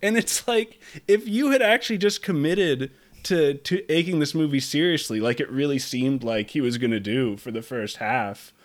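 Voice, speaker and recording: A man's voice: a little high, moderate pace, hardly any pauses. A man chatting casually about a movie, blunt and profane, rambling with lots of restarts. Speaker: podcast co-host. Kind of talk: casual film review chat.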